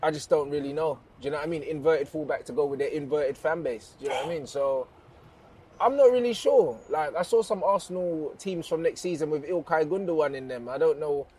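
A man's voice: on the high side, quick pace, hardly any pauses, mellow, a little hiss or hum. A young man giving dry, sarcastic put-downs as a mock fan pundit.

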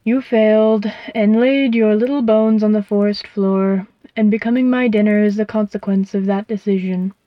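A woman voicing a huge, predatory female owl who talks in a calm, cooing, unhurried way, in a dull, dry recording. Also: medium pitch, dry recording, natural voice.

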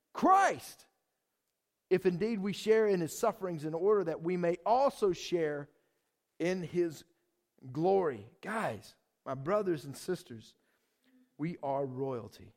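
High-voiced man preaching a casual sermon. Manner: conversational, animated, asks the congregation questions. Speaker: pastor.

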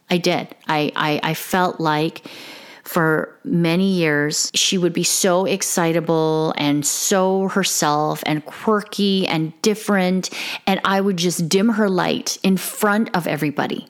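A middle-aged woman giving an earnest, emotional, candid monologue to other mothers about her parenting. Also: fairly low pitch. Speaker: parenting podcaster. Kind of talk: confessional monologue.

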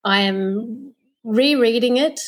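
Husky woman, earnest educator. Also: fairly high pitch, takes it slowly. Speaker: guest, nature play educator. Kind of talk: casual interview chat.

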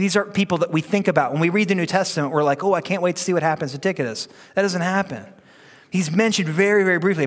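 A man's voice: high voice, fairly bright tone. A middle-aged man preaching a conversational sermon as pastor, joking and leading the congregation in reading aloud. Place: church sanctuary. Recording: long hall reverb.

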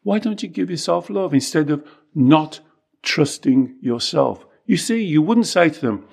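A man's voice: high-pitched, a little slow, creaky, breathy edge. A man, a therapist, talking animatedly and growing emphatic as he coaches listeners. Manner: animated, rising to emphatic exhortation. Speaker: therapist and podcast co-host. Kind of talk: conversational coaching talk.

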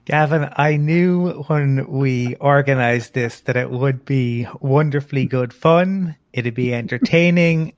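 A man hosting a podcast, wrapping up an interview and introducing the next guest in a measured, polished way. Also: medium pitch, dry recording. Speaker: podcast host.

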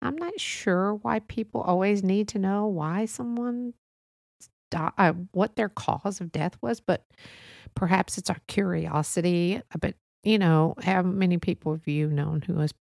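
A woman's voice: mid-range voice, measured pace, vocal fry, darkish tone, dry recording, clean studio sound. A woman hosting a solo podcast, talking casually in a rambling, musing way with many fillers and restarts. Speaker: podcast host.

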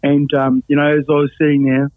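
A man's voice: a little high, completely flat delivery, a little fast, dry recording. A man giving a blunt, matter-of-fact account of his life as an interview guest. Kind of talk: personal testimony in an interview. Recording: tinny phone-like sound, dry.

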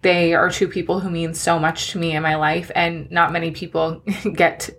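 Young woman, podcast host, encouraging, gushing, lowish pitch. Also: flat delivery, normal speed, a little hiss or hum. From New Jersey. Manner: warm and gushing, encouraging, frequent laughs. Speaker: podcast host and online coach. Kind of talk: solo podcast life update.

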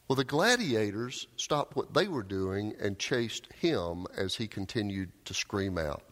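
A man preaching a sermon, telling a story with raised cries and quiet, low emphasis. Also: expressive, a little slow, hardly any pauses. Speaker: pastor. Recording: long hall reverb.

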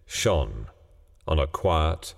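A man narrating a ghost story in a hushed, suspenseful way. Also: a bass voice, expressive, drawn-out words, gravelly, long reverb tail.

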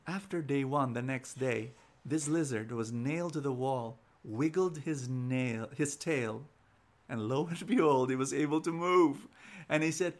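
A man's voice: medium pitch, normal speed. A man, preaching an inspirational sermon and telling stories, often repeating words as he starts sentences. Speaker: preacher and show host.

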